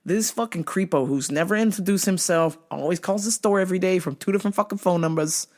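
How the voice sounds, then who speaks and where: A middle-aged woman hosting her show, telling a story in a casual, profane, animated rant, laughing often. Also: lowish voice, fast talker. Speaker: show host.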